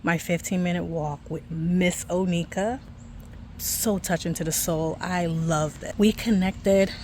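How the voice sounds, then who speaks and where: A woman's voice: on the low side, fairly even intonation, measured pace, a little mellow, slight background noise. A woman in a fitness program sharing a heartfelt, tender video testimonial.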